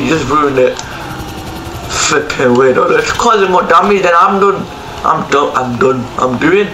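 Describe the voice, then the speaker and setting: A man's voice: a little high, animated, normal speed. A young man casually talking through a game tutorial and playing on camera, chatty and slangy. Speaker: gaming YouTuber. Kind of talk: tutorial and gameplay commentary. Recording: echoey room with background noise.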